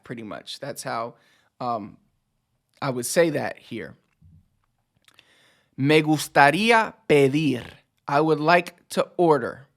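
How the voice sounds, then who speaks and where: A man teaching a language lesson in a relaxed, casual way, explaining phrases with loose everyday fillers. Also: a little high.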